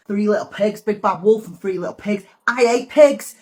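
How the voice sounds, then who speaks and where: A woman doing comedic story time for kids, rambling, gruff and chatty. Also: mid-range voice, normal speed, darkish tone. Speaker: comic storyteller.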